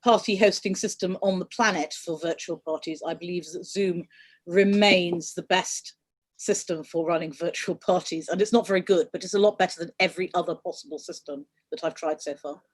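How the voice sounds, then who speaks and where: A woman's voice: fairly low pitch, brisk. A woman speaking on an online panel, chatty, teasing and opinionated. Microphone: video call.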